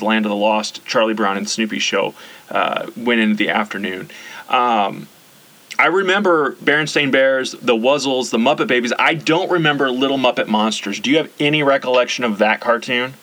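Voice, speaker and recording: A man in his forties, from the central United States, hosting a casual nostalgic conversation and rattling off lists. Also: mid-range voice. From US Central region. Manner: rattles off lists, chatty and relaxed. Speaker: podcast host.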